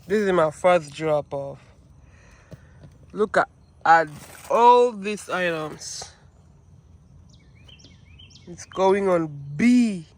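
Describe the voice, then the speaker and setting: A delivery driver vlogging through a work shift, chatting to viewers and repeating phrases with excitement. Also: medium pitch, very slow, long pauses. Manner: excitable, repeats phrases, keeps saying "you guys". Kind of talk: casual vlog talking to viewers.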